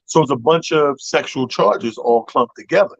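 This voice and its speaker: A man co-hosting a radio talk show, telling a profane, animated story in casual chat. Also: medium pitch, normal speed, dry recording, highs cut off. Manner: animated, profane, acts out other people's voices. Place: radio studio. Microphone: studio microphone.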